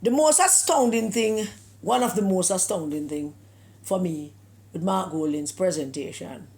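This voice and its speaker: A woman's voice: fairly low pitch, measured pace, gravelly, darkish tone. Emphatic Jamaican woman scornfully ranting. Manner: emphatic, scornful rhetorical questions, slips into patois. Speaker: political commentator. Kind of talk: opinion monologue.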